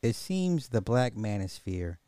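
A man with a low, mellow voice hosts a call-in commentary show, casual and slangy, drifting into rambles. The sound is dry and close, with faint music underneath. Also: very animated, a little slow, no room sound. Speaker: podcast host.

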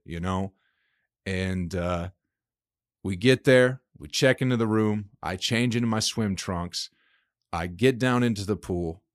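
A man's voice: fairly low pitch, unhurried, dry recording, clean studio sound. A man hosting a podcast, telling a rambling, profanity-filled story in a casual monologue. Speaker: podcast host.

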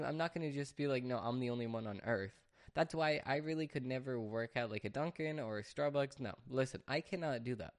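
Man, restaurant worker, casual rant, rambling with fillers, exasperated, middle pitch. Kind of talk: casual talk to camera.

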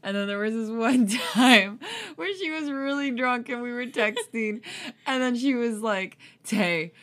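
A woman's voice: a little high, unhurried, fairly bright tone. A woman co-hosting a podcast, chatting casually and laughing a lot while she tells a story. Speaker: podcast co-host. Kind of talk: casual chat.

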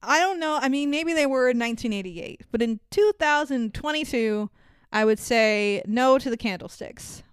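A woman co-hosting a casual movie recap podcast. She is animated and sarcastic, and she swears freely. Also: fairly high pitch, normal speed, clean tone, dry recording, clean studio sound. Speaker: podcast co-host.

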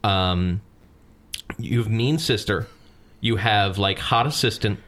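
A man's voice: fairly low pitch, takes it slowly, fairly bright tone. A man co-hosting a casual podcast, rambling and swearing freely as he chats. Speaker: podcast co-host. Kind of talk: casual profane chat.

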